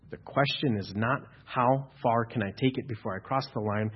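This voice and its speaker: Husky-voiced man preaching a sermon. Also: mid-range voice, normal speed, hardly any pauses, highs cut off. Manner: preaching with rising, emphatic exhortation. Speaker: pastor.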